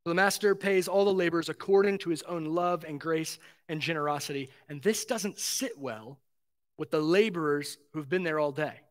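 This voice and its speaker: A pastor with a notably high voice delivers an earnest sermon. He leans on repetition and rhetorical questions to drive each point home. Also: moderate pace. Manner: earnest, emphatic preaching with repeated phrases and rhetorical questions.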